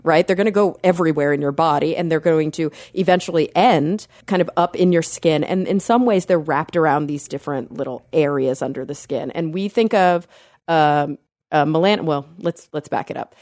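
Woman, podcast co-host, low gravelly voice, dry close sound, chatty science explainer. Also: darkish tone, dry recording. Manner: chatty explainer, thinks aloud with fillers and self-corrections. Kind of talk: casual science chat.

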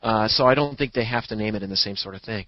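Speaking fast in a fairly low voice, this male astronomer is a podcast guest who talks casually and likes to slip puns into his explanations. The recording is dry, dull and lo-fi.

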